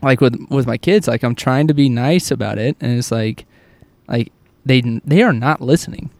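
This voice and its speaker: A man co-hosting a podcast in casual chat, an easygoing parent who tells quick anecdotes, recorded on an outdoor patio. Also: medium pitch, vocal fry, darkish tone, dry recording. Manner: easygoing, lots of quick agreement. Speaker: podcast co-host. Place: back patio outdoors by a fire.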